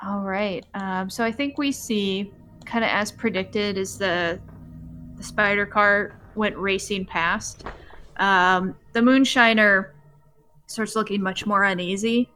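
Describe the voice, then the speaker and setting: A woman narrating a tabletop role-playing game as game master, relaxed with frequent filler pauses. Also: mid-range voice. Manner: relaxed, many ums.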